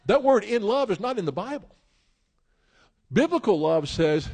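A man preaching a sermon, emphatic and repetitive, rising to loud peaks and dropping low, with some stumbles and restarts. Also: animated, normal speed. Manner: repeats phrases, stumbles and restarts.

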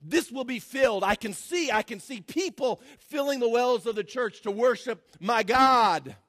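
A man preaching a sermon as pastor, swinging from shouted declarations to low, mocking asides. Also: lively intonation, moderate pace, dry recording, clean studio sound. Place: church.

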